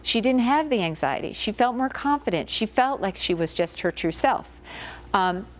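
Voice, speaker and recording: A woman's voice: a little high, animated, moderate pace. A woman hypnotherapist giving an informal guest lecture to students, talking conversationally and telling stories with plenty of filler words.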